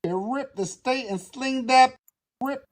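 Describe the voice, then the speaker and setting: A man's voice: extremely high pitch, slow pace. A man in an angry, profanity-filled rant, hurling theatrical threats and insults in a social media video.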